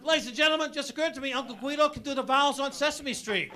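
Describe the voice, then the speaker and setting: Loud high-voiced stand-up comic man. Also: fast. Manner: loud, punchy, addresses the crowd as folks. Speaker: stand-up comedian. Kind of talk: stand-up comedy. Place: stage before a live audience.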